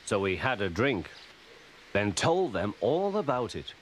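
A man narrating a children's storybook in a lively, expressive way. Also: lowish voice, a little slow, very noisy. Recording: loud music underneath.

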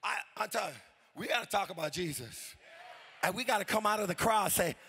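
A male pastor preaching an impassioned sermon, shouting and chanting in a sing-song cadence with repeated phrases. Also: high voice, fast talker, husky.

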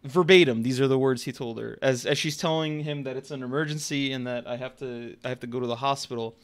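A man streaming and telling a story to his chat in a casual, animated and profane way. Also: medium pitch, fast talker. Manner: animated, profane, emphatic retelling.

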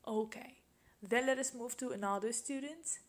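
A woman's voice: fairly high pitch, moderate pace. A woman teaching an English grammar lesson, patiently asking questions and repeating example sentences.

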